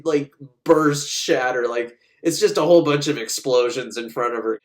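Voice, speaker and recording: Man sarcastically recapping a movie. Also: mid-range voice. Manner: sarcastic, profane, acts out characters in quick voices. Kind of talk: casual comedic movie recap.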